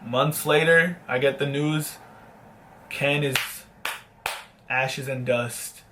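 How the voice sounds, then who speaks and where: A man's voice: mid-range voice, fairly even intonation, slow pace, pushed and bright, a little hiss or hum. A young man vlogging, telling a long casual story with swearing and mock-dramatic sad asides.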